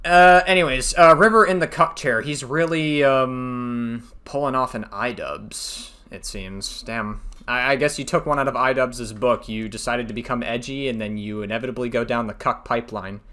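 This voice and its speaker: A man's voice: medium pitch, moderate pace, pushed and bright. A man doing casual commentary on online drama, rambling and profane, laughing at his own jokes.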